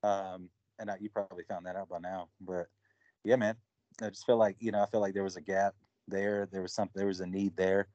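A man's voice: low voice, little pitch movement, fairly quick, a little mellow, no echo. Rambling man in a dry, dull recording. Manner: loose and rambling, lots of fillers and retold dialogue. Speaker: guest musician. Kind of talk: casual interview talk.

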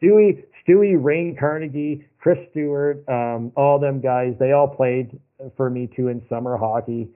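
A man's voice: medium pitch, a little slow. Male guest, casual anecdotal storyteller, thin phone-line sound. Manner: rambling, anecdotal, repeats himself. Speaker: podcast guest.

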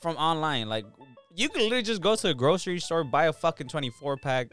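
A man's voice: on the high side, lively intonation, fast talker, a bit bright, clear, resonant tone, faint music behind. A man who works as a delivery driver, ranting in casual chat with coworkers and swearing a lot. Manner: profane, ranting.

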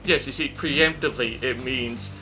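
A man's voice: mid-range voice, normal speed, sharp tone, faint music behind. A man narrating a tabletop game as game master in a casual way.

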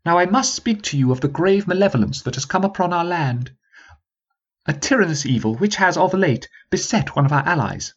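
A man's voice: a little high, expressive, a little fast, breathy edge, dull audio, pitched above the performer's own voice. A man voicing a pompous posh sergeant who stutters on his D's and P's and speechifies grandly.

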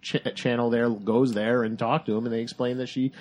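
A man's voice: mid-range voice, level tone, fairly quick, a little mellow. A man co-hosting a casual podcast, telling a story in a rambling way, trailing off and restarting. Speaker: podcast co-host. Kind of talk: casual chat.

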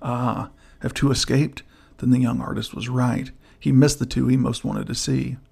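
A man reading the part of a bold frontier scout who speaks low and firm. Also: fairly even intonation, moderate pace, gravelly, darkish tone, husky. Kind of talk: audiobook character voice.

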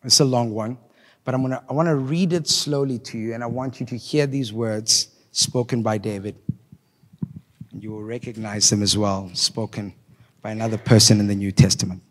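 A man preaching a sermon, swinging between loud, impassioned rises and quiet, reflective passages as he reads scripture. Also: lowish voice, steady tone, moderate pace, big-room sound. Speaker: pastor.

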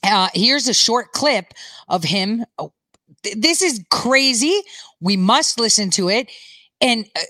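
A woman's voice: a little high, animated, takes it slowly, pauses often, bright, forceful tone, dry recording. Chatty middle-aged woman hosting a podcast. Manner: chatty, laughs often, rambling asides. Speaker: podcast host. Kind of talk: casual political commentary.

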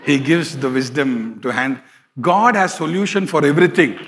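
A man's voice: fairly high pitch, normal speed, slight background noise. Pastor guy, middle aged, preaches like he's chatting, laughs at his own stories. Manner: conversational preaching, chuckles often. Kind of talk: sermon with storytelling.

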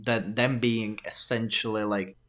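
A man's voice: lowish voice, fairly even intonation, unhurried, fairly bright tone. A man co-hosting a casual podcast, joking around and theorizing with many fillers. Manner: loose and joking, filler-heavy. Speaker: podcast co-host. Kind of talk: casual lore discussion.

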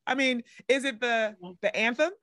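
A podcast host interviews a guest, affirming her often with frequent "right" and asking questions playfully between laughs. Her fairly high voice is steady and a bit bright at a normal speed, in studio quality with no echo.

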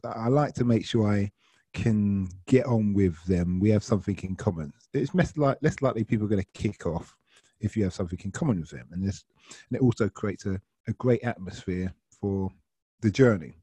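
A man's voice: on the low side, a little fast, warm tone, slightly rough, no echo. A man from South London with a London accent, a ride-hail driver telling a story in a casual, slangy way. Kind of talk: anecdotal storytelling.

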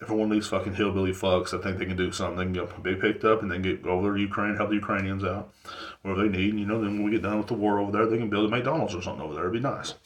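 A man's voice: lowish voice, fairly even intonation, rapid-fire. A man hosting his own podcast, rambling through a profane, casual rant full of fillers. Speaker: podcast host. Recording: roomy echo.

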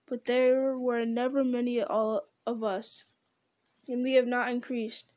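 A woman voicing an ancient, slow and grave male tree-giant in a storybook reading, speaking in a solemn, deliberate way. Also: a little high, little pitch movement, darkish tone, no echo, close to an everyday voice.

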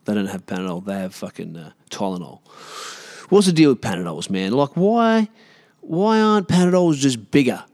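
A man's voice: medium pitch, big pitch swings, moderate pace, darkish tone. An Australian man in his late thirties, a podcast host, ranting alone in a rambling, profane, sarcastic way. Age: 30s. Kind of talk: solo rant.

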